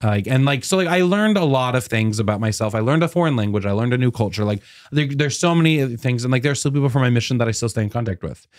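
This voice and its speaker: A man around thirty, a comedian telling a personal story in casual chat, animated and full of "like" fillers. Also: fast talker, few pauses, no echo. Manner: animated, many "like" fillers, acts out quotes in a high voice. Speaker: guest comedian.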